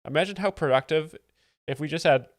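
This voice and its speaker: A man hosting a stream, explaining jokes in a deadpan, faux-earnest expert manner. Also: fairly high pitch, fairly quick, no echo, studio quality. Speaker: host, joke explainer. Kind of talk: mock-expert comedic commentary.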